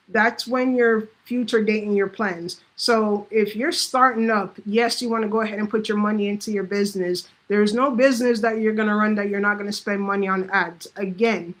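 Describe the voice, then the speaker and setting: In a low-quality recording, a woman with a medium-pitched voice speaks directly to camera about running a business. It's a casual, unscripted vlog monologue of blunt, heavily profane advice, and she often acts out the voices of people she's quoting.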